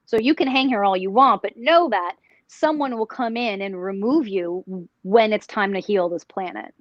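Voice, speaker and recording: A woman's voice: medium pitch, normal speed, dry recording, natural voice. A woman channeling a callous, cocky male mobster spirit, speaking flippantly and dismissively. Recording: dull dry lo-fi audio.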